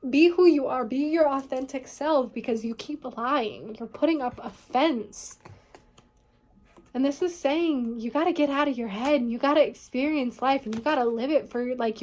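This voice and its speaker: Woman doing a chatty tarot reading, kinda high voice, lots of "like", rambly. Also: moderate pace. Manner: rambling, leans on "like" and "you know what I mean". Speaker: tarot reader.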